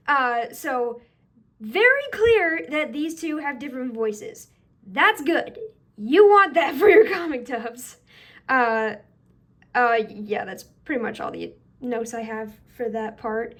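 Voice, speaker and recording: A woman's voice: fairly high pitch, expressive, takes it slowly, a bit bright. A woman reacting to her own old comic dub, laughing at herself and giving chatty tips. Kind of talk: casual reaction commentary.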